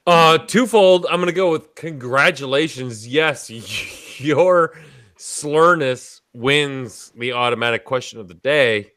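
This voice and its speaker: A man's voice: mid-range voice, slow pace, a bit bright, dry recording, studio quality. A man hosting a casual livestream chat, boisterous and tipsy, swearing and laughing as he talks. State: tipsy from drinking. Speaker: podcast host.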